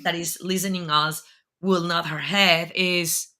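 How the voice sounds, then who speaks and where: Bright-voiced woman host, native Spanish speaker. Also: lowish voice, steady tone, measured pace. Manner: earnest, thinks aloud with fillers. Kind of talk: interview talk.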